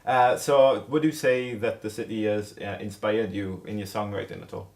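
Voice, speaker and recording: A man's voice: on the low side, steady tone, moderate pace, creaky, darkish tone. Young male student TV presenter. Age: young adult.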